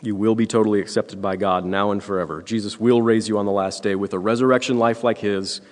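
A man preaching a sermon, earnest and emphatic, repeating his points and clearing his throat often. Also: fairly low pitch, steady tone, quick pace, big-room sound. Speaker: pastor.

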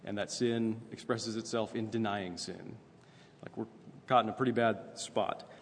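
A man with a somewhat low voice delivers a sermon in a relaxed, conversational way. He keeps checking in with listeners by asking "right?" The sound carries a long hall reverb over faint room noise. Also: moderate pace. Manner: conversational preaching, frequent "right?" asides. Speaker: pastor.

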